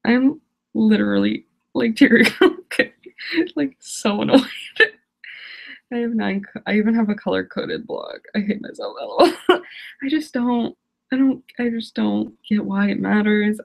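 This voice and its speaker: A woman's voice: mid-range voice, steady tone, moderate pace, gravelly, darkish tone. A teenage girl ranting on a live stream, exasperated and rambling, laughing often. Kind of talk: casual live-stream rant.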